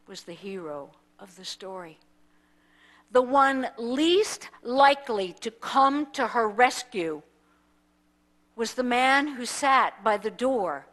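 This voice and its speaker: A woman's voice: medium pitch, fairly bright tone. A woman minister from the United States telling a story in a sermon, acting out the people in it as she goes. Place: church sanctuary.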